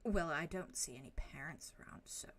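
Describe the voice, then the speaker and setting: A woman voicing a paranoid, awkward male drow elf in a tabletop game, speaking softly and musingly. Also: low voice, moderate pace.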